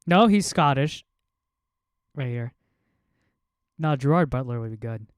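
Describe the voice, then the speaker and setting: A man's voice: medium pitch, animated, a little slow, smooth, dry recording, clean studio sound. A young man from America chatting casually and rambling through asides while reacting to a video on stream. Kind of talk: casual live reaction chat.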